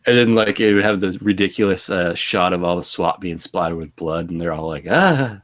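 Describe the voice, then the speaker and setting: A man's voice: sits low, little pitch movement, fairly quick. A man co-hosting a casual movie review podcast, wry and joking, laughing often. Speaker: podcast co-host.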